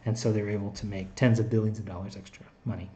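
A man's voice: on the low side, flat delivery, quick pace, warm tone, highs cut off, slight background noise. A man teaching a recorded chemistry lecture in a conversational way, with frequent fillers and restarts. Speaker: chemistry instructor.

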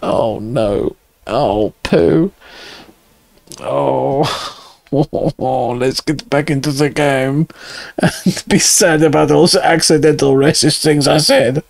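A man streaming a game and talking casually to his viewers. He speaks at an unhurried, drawn-out pace with a slightly higher pitch than most men. He rambles, swears freely and keeps breaking into giggles. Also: gravelly, no echo. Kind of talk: casual live-stream chat.

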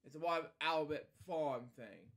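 A man's voice: a little high, lively intonation, normal speed, fairly bright tone. A man casually reading a picture book aloud as a storytelling host, stumbling over words and wandering into rambling asides at home.

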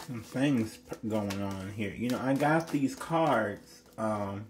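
A man talking casually to his viewers as he gives a tarot reading. He chats, exclaims, and breaks into sudden high squeals. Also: slow pace, soft background music. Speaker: tarot reader.

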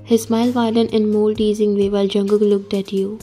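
Woman narrator, story read-aloud, steady, mellow. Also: mid-range voice, a little fast, soft background music.

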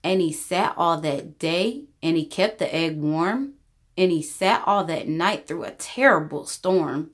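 A woman storyteller reading a rhyming children's story aloud, with expressive narration. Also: lowish voice, measured pace.

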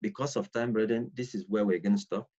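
A man teaching a bible study, emphatic and repetitive, reading scripture slowly and deliberately. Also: fairly low pitch, fairly even intonation, warm tone. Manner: emphatic, repeats key points, reads scripture slowly. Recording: dull lo-fi recording.

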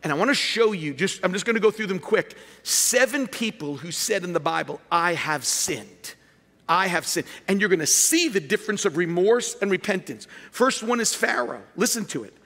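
A male pastor preaching an emphatic sermon in a large church, rising to shouts at his peaks. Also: sits high, lively intonation, brisk, gravelly, few pauses, long reverb tail.

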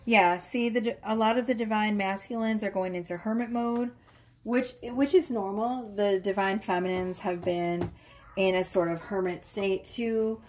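A woman's voice: medium pitch, fairly even intonation, moderate pace, a little mellow. A woman giving a casual tarot reading from her home workroom, talking in a chatty way with fillers and frequent tag questions. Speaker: tarot reader.

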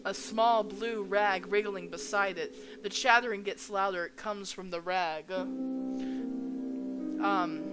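Slow-reading woman gamer over music. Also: medium pitch. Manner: reads narration, reacts with stunned exclamations. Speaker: let's play gamer. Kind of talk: reading a visual novel aloud. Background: game music.

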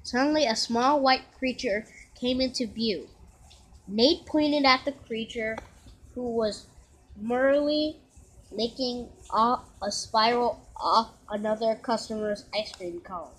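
A woman reading a children's book aloud in a slow, halting way, correcting herself. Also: a little high, fairly bright tone, low-quality recording. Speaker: reader.

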